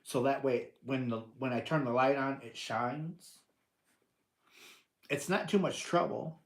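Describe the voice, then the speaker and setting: A man's voice: mid-range voice, measured pace. An older man hosting a casual live stream, answering viewers and teasing them playfully, often laughing. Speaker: livestream host.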